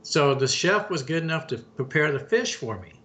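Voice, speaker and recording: A man's voice: a little high, lively intonation, normal speed, sharp tone. A middle-aged man co-hosting a casual talk show, telling a long story in a folksy way and calling listeners folks and bud. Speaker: podcast co-host.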